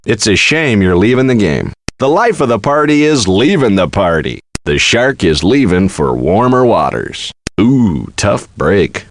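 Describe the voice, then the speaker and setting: A man's voice: fairly low pitch, big pitch swings, a little slow, few pauses, slight background noise. An actor playing a brash, joking male poker player in a card game, gloating and laughing between quips. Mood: cocky. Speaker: game character. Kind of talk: game voice clips.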